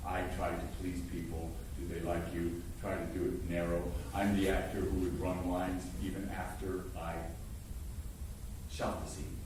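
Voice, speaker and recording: A man's voice: sits low, moderate pace, far from the mic, background noise. Older man telling stories in an echoey hall. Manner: animated storyteller, stammers and restarts, bursts into loud impressions. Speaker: acting teacher. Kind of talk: lively workshop talk. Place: large hall before an audience.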